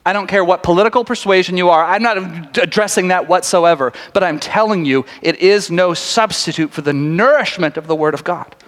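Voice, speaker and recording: A man preaching a sermon to a congregation in a church sanctuary, talking fast and chatty, cutting himself off and restarting. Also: sits high, fairly bright tone, slight background noise. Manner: fast, chatty and self-interrupting, often laughing. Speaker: pastor. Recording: long reverb of a large sanctuary.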